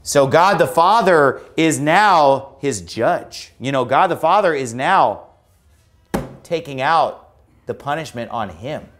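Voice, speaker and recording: Male preacher, high voice, emphatic and argumentative, sermon to a congregation. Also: animated, slow pace, fairly bright tone, slight background noise. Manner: emphatic, argumentative, often mocking opposing views. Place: church.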